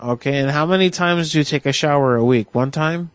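Deadpan crude male prank show host. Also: a little high, brisk, dry recording. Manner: crude, deadpan, mock-confused questioning. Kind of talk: prank call show banter.

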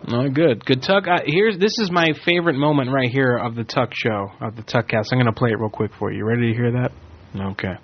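A man's voice: medium pitch, fairly quick. A male radio host in a goofy mood, teasing his guest. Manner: playful, teasing. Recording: dull lo-fi radio audio.

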